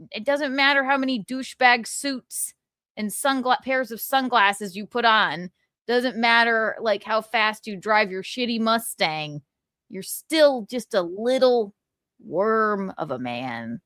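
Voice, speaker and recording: A woman's voice: on the high side, animated, measured pace, sharp tone, dry recording, clean studio sound. A woman hosting a livestream, mocking and blunt with plenty of profanity as she comments on clips. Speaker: livestream host. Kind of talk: profane pop-culture commentary.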